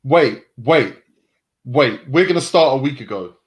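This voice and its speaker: A man from England hosting a casual football chat show, animated and quick with asides, swearing freely. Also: medium pitch. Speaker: host. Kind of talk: casual banter.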